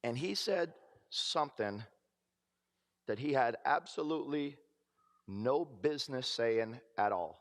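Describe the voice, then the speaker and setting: A man's voice: medium pitch, lively intonation, slow pace, long pauses. A man preaching a personal testimony, telling his story and acting out the voices of people in it. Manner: storytelling, acts out quoted voices. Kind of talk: testimony sermon. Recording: reverberant hall.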